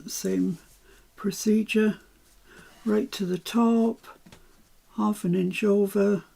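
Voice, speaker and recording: An older woman talks viewers through a craft project in a relaxed, chatty way. Her voice is strongly gravelly, dark and a little husky. She throws in self-mocking asides as she works. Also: mid-range voice, slow. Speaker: craft tutor. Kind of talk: live craft demonstration.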